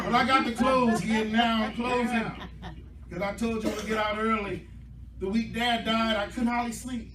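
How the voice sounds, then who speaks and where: A male pastor preaching a sermon, his delivery swelling into impassioned shouting as the congregation answers him. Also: extremely high pitch, steady tone, moderate pace, background noise. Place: church sanctuary. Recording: echoey church room from a distance with faint music.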